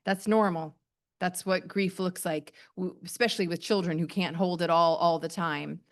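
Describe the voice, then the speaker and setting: Middle-aged woman, sermon, gentle and reassuring, lowish voice. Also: fairly even intonation, moderate pace. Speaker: pastor.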